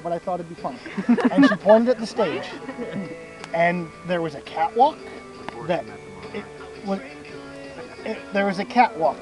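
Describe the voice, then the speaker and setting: A young man with a high-sitting voice tells a crude, rambling story to his friends in a casual, profane way, laughing at his own jokes. The recording is low quality, and music plays loudly behind him.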